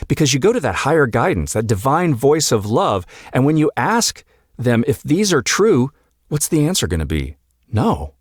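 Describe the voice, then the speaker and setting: A man hosting his own podcast as a marriage coach, speaking earnestly and deliberately with emphatic pauses. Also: mid-range voice, dry recording, clean studio sound. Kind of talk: solo podcast monologue.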